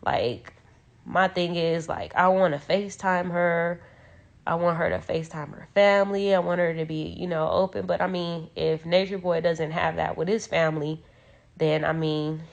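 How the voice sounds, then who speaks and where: Woman livestreaming, gravelly and emotional. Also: deep voice, darkish tone. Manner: emotional, rambling with many fillers. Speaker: livestreamer speaking about her sister. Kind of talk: casual livestream talk. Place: dark room at home.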